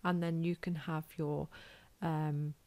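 Relaxed British woman lecturing, gravelly voice. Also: low-pitched, slow pace. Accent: British English. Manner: informal, self-deprecating, thinks aloud while drawing. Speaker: college lecturer. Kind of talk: recorded whiteboard lecture.

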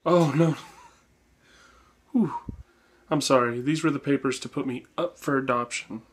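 Man, comedy vlogger, sarcastic, mock-dramatic, at home indoors, mid-pitched voice. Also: steady tone, moderate pace, fairly bright tone, slightly rough, soft background music. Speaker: vlog host. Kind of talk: comedic vlog monologue. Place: his house, indoors.

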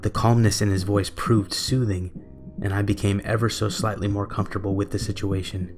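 A young adult man reading a scripted horror story in a measured, steady way. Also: fairly low pitch, over music. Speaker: narrator.

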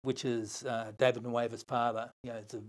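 An older man with an Australian accent, a podcast guest telling a long story in a lively, casual way, acting out other people's lines. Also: mid-range voice, brisk. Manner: animated, swearing, acts out other voices.

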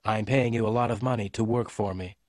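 A man's voice: lowish voice, steady tone, a little fast, darkish tone, no echo, studio quality, natural voice. A man reading an audiobook voicing a young blonde woman who speaks curtly and coldly to a hired detective. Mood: cold, sharp. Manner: curt, icy delivery. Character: young blonde woman client, sharp and cold. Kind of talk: audiobook reading for English learners.

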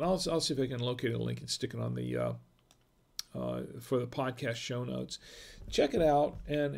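A middle-aged man from North Carolina, USA, hosts a casual livestream, rambling and chatting with lots of fillers and restarts. His voice is fairly high-pitched, creaky, and a bit dark in tone.

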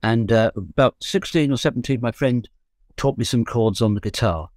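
Here a man in his seventies, a London-born guest musician, rambles through memories of his youth, joking and correcting himself along the way. His mid-range voice is a little mellow and moves at a normal pace, recorded dry in studio quality.

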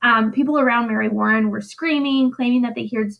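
A woman's voice: on the high side, a little fast, creaky, dull audio. A woman English teacher giving a casual, chatty recorded lesson recap, often checking in with "right?".

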